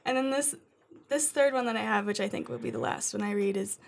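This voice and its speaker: Gravelly woman reading her poems. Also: mid-range voice, fast. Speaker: poet, co-host. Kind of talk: reading her own poetry and casual chat.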